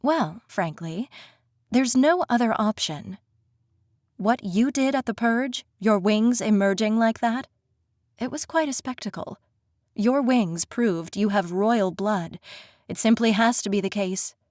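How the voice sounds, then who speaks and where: A woman voicing a composed, formal fae queen in an audiobook, speaking in a measured, courtly manner. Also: a little high, a little mellow, no echo, clean studio sound, natural voice. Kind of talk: audiobook character voice.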